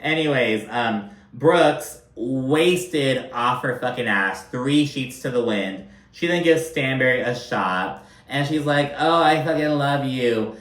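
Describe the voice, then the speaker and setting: A man talks through a reality show in a loose, chatty way. He swears freely and keeps dropping in "like". His mid-pitched voice echoes around a roomy space. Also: lively intonation, slow pace, a bit bright. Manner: profane, chatty, filler-heavy with constant "like". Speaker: reality TV recap commentator. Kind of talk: casual commentary.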